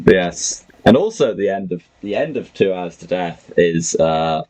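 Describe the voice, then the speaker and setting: A man's voice: low voice, big pitch swings, takes it slowly, darkish tone, rough recording. A man hosting a podcast, casually recapping a tabletop game with friends, rambling with lots of fillers and frequent laughter. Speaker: podcast host and game master.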